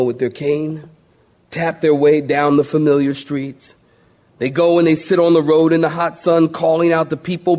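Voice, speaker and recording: A man preaching a sermon, telling a Bible story with lively, animated delivery and acting out the voices of the people in it. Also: fairly high pitch.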